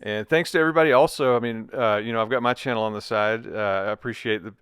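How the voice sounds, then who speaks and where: A middle-aged man with a thick Southern American accent chats casually as co-host, joking and laughing easily. His voice is fairly low and smooth. It is recorded close and dry. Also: fast, a bit bright, no echo. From Virginia. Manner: laid-back, joking, laughs often. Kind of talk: casual chat.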